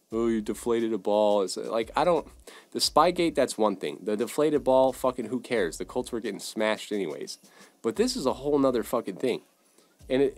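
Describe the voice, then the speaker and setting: A man's voice: mid-range voice, no room sound. A man hosting his own sports podcast, ranting in a heated, profane, repetitive way. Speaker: podcast host. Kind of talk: casual sports rant.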